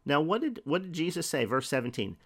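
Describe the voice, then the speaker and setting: A man's voice: a little high, very animated, brisk, a bit bright. A middle-aged man preaching a sermon in a conversational way, asking rhetorical questions and reading scripture aloud.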